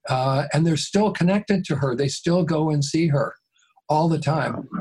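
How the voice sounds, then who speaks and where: A man who works as a mediator, telling a story calmly and steadily in an interview. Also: fairly high pitch, measured pace, breathy edge.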